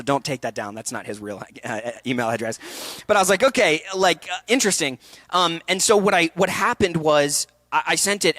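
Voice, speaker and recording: A young man with a bright, forceful voice tells an animated personal story to a festival audience. His delivery is candid and energetic. The sound is dry and close. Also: mid-range voice, dry recording. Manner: energetic, candid storytelling with laughs and acted quotes. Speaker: actor and speaker. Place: event hall.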